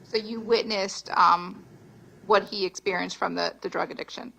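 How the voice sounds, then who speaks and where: Bright-voiced woman attorney questioning politely. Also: mid-range voice, steady tone, normal speed, creaky, rough recording. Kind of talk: jury selection questioning. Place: courtroom.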